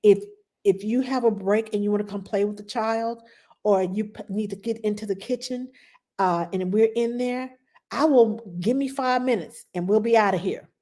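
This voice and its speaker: A middle-aged woman, a nanny, giving passionate advice in a casual talk, sometimes acting out parents and children in a higher voice. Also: normal speed. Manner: passionate, animated, acts out quotes in a high voice.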